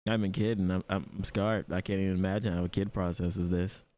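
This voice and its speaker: A man's voice: low-pitched, flat delivery, quick pace, mellow. A man reacting to a cartoon in casual commentary, incredulous and repeating himself. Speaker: reaction video creator.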